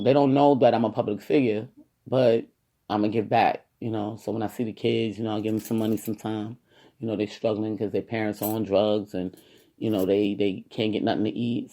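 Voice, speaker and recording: A woman's voice: very deep voice, steady tone, fairly quick, dark tone. A woman with a New York accent, an activist giving a casual, rambling podcast monologue and often saying "you know".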